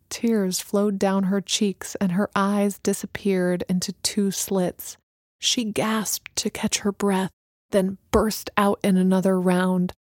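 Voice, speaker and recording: Slow, measured woman narrator. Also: medium pitch, little pitch movement, darkish tone, no room sound, studio quality. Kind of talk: audiobook narration.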